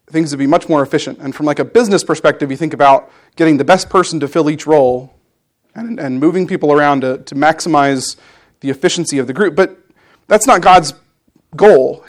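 A man with a somewhat high-pitched voice delivers a sermon, reading scripture aloud and then explaining it. His teaching is conversational, dotted with small fillers and restarts as he works through the passage. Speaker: preacher.

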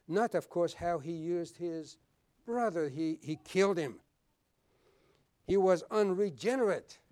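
A man preaching a sermon, earnest and repeating his words, at times dropping low and soft for solemn points. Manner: earnest, repeats words, clears throat often.

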